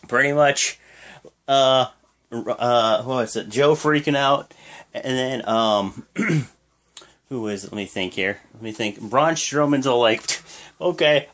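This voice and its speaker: A young adult vlogger giving a rambling, casual play-by-play recap of a wrestling show, often stopping to recall details. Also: mid-range voice. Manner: rambling, full of fillers and restarts.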